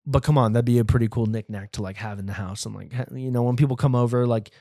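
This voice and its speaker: Profane rambling podcast host, dry close mic. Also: male voice, mid-range voice, fairly even intonation, fast, dark tone, dry recording. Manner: profane, riffing, acts out imagined scenes. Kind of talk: rambling comedic monologue.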